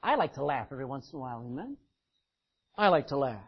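A middle-aged male preacher giving a sermon in an emphatic, folksy way, swinging between loud declarations and quiet asides. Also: medium pitch, big pitch swings, fast talker, husky, dull audio.

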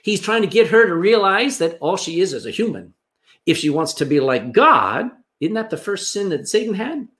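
A male pastor delivers a sermon with a slightly high voice. His pitch leaps and falls in lively swings, and he moves from forceful emphasis to hushed, near-whispered asides. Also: moderate pace. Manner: animated preaching, swings between loud emphasis and hushed asides.

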